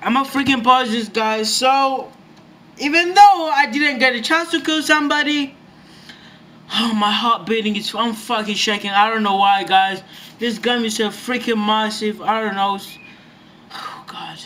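High-pitched, slow-talking excitable young man. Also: slight background noise. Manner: excitable, swearing, jumpy and nervous. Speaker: gaming YouTuber. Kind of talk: live gameplay commentary.

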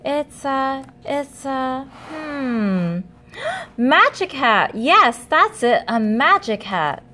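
A woman's voice: high voice, big pitch swings, very slow, bright, forceful tone, slight background noise, voice pushed up, full character voice. A woman voicing a shy, bashful young male cat who stammers and hesitates in a storybook reading. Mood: hesitant.

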